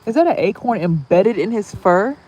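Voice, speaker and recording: A young woman rambling casually in a spiritual vlog outdoors, animated and swearing, exclaiming at things she sees. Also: medium pitch, normal speed, slightly rough. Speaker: spiritual vlogger and reader. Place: outdoors near trees.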